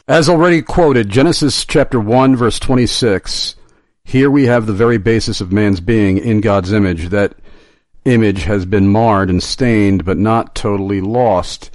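A man's voice: lowish voice, a little slow, no echo. A man hosting a radio talk show and reading out listener questions. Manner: reads listener questions aloud, with fillers.

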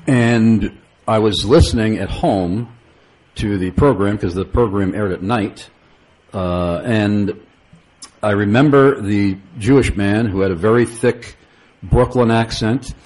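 Low-voiced radio host. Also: male voice, slow pace, darkish tone, low-quality recording. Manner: hesitant with frequent uh fillers, chuckling asides. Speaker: radio talk show host. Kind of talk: call-in radio talk show.

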